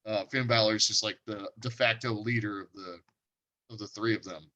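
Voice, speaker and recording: A man's voice: lowish voice, steady tone, moderate pace, pushed and bright, lo-fi sound. A man co-hosting a casual podcast about wrestling, rambling and hesitant, with many restarts. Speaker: podcast co-host. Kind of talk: casual chat.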